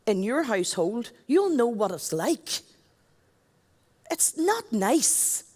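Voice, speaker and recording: A woman's voice: medium pitch, a little mellow. A middle-aged woman with a Northern Irish accent, an MC on stage giving a chatty, joking talk and addressing the crowd. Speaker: event MC. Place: stage at a large event. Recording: long hall reverb.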